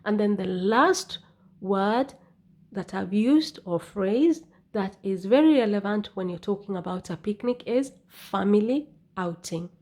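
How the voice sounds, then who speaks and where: Slow, deliberate woman teaching English. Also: mid-range voice, animated, a little mellow. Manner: slow, deliberate, repeats "okay?". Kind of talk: scripted lesson narration.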